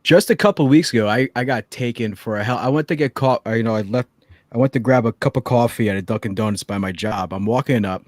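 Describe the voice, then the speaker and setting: A man co-hosting a casual chat, telling lively stories and acting out the people in them. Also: medium pitch, quick pace, no echo. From New Jersey. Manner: animated storyteller, acts out quotes, laughs a lot. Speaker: podcast co-host.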